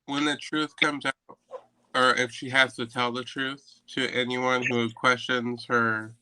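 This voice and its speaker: Bright-voiced chatty male co-host. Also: medium pitch, flat delivery, measured pace, clear, resonant tone, low-quality recording. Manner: chatty, stumbling restarts, addresses viewers. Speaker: live stream co-host. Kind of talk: casual live stream chat.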